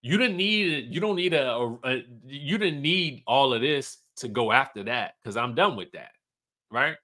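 A man giving a casual, animated recap of a reality TV episode and acting out the cast's lines as he goes. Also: medium pitch, unhurried. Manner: chatty and animated, acts out cast members' lines.

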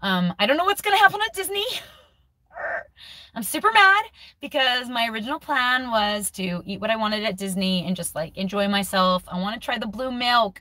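In her personal video diary, a woman in her forties thinks aloud and restarts sentences now and then, close to tears as she talks candidly. Her voice is a little high, pushed and bright, with no echo.

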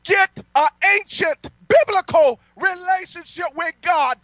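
A man preaching a fiery sermon, boastful and defiant, his voice climbing to loud peaks. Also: extremely high pitch, measured pace, no room sound. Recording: dull lo-fi sound, dry.

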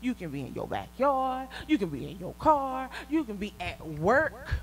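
A woman with a Southern US accent preaching a conversational sermon, laughing often and rising to excited peaks. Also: a little high, moderate pace, soft background music, poor audio. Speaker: prophetess preaching.

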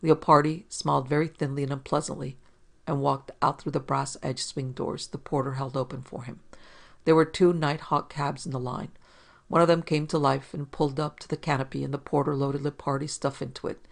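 A man narrating a hard-boiled detective story in a steady, measured reading. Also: fairly high pitch, vocal fry.

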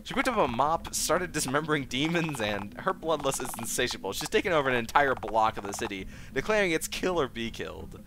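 A man's voice: medium pitch, expressive, a little fast, hardly any pauses, noisy background, lightly acted. A man voicing a seedy, broke male phone-sex talker in a drawling, world-weary way. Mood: gossiping.

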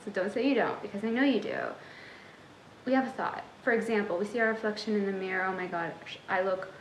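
A woman's voice: medium pitch, quick pace, reverberant, slight background noise, poor audio. A young woman who coaches manifestation, giving a sassy, tough-love motivational talk straight to her viewers.

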